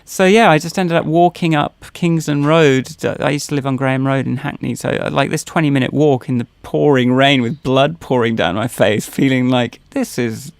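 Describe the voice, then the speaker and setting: Man, podcast co-host, casual storytelling, rambling, lots of fillers, mid-pitched, dry close sound. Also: fairly even intonation, moderate pace, gravelly, few pauses, smooth, no echo. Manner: rambling, full of fillers and restarts.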